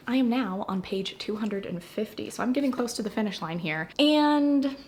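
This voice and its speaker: A young adult woman chatting casually at home in a reading vlog, gushing excitedly about new books with lots of fillers. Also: a little high, normal speed, slight background noise. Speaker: book vlogger. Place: room at home.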